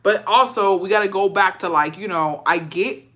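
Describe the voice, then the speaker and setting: A woman's voice: mid-range voice, moderate pace, bright, forceful tone. A young adult woman telling a story in a casual, profane rant, slipping in Spanish words. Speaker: storyteller on a livestream.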